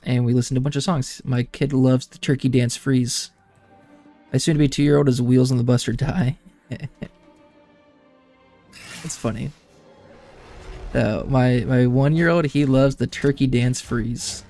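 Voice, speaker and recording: A man's voice: mid-range voice, fairly even intonation, unhurried, pauses often, warm tone, faint music behind. A young man and streamer telling rambling family anecdotes in casual chat, laughing often. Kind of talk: casual chat while gaming.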